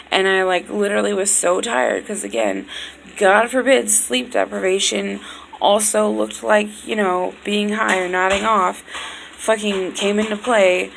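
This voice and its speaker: A young woman with a very gravelly, fry-heavy voice, telling her story straight to camera. She talks bluntly and swears freely as she vents, and a faint hiss sits under the recording. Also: mid-range voice, poor audio. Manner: blunt, profane, emotional venting. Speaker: vlogger. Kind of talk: candid personal storytime vlog.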